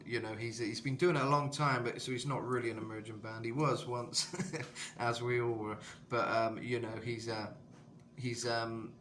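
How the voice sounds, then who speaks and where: A man's voice: fairly bright tone, slight background noise. A British man in his twenties, chatting loosely through a vocal tutorial, with lots of fillers and asides. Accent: British English. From England. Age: 20s. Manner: rambling, filler-heavy, breaks into high falsetto demos. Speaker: vocal coach.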